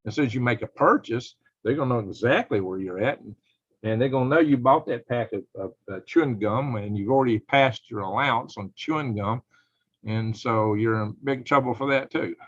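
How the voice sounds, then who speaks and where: An American man hosts a live stream, rambling and speculating with frequent chuckles. His mid-range voice is slightly rough and fairly quick, and the sound is dull, lo-fi and dry with no echo.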